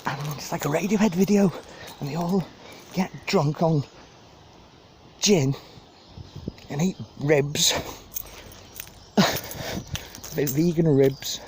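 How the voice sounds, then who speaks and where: On the high side and slow, often pausing, this man's voice narrates a casual tour of a city park, recorded on a phone he carries as he walks. He's a vlogger who rambles and laughs at his own jokes, and background noise is present.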